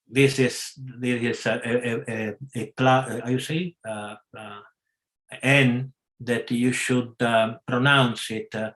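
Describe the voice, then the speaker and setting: A man giving a scripture class, talking in a halting way with many pauses and self-corrections. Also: mid-range voice, fairly bright tone. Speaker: class speaker.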